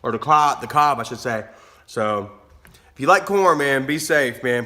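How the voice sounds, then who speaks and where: A man's voice: medium pitch, animated, moderate pace, sharp tone. A man, vlogging casually, telling rambling stories, laughing often and swearing freely. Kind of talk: casual vlog storytelling.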